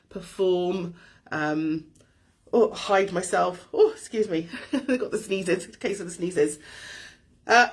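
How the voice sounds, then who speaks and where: A middle-aged woman hosting a weekly live show, talking candidly and thoughtfully about her week with light self-deprecating laughs. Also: lowish voice. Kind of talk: candid personal reflection.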